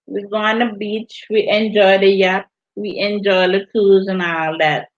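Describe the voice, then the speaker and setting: A woman's voice: medium pitch, flat delivery. A woman from the Virgin Islands with a Virgin Islands accent, hosting a casual livestream and chatting while she reads viewer comments. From US Virgin Islands (St. Thomas). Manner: unhurried, drawn-out delivery while reading viewer comments. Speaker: livestream host. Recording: dull lo-fi stream audio.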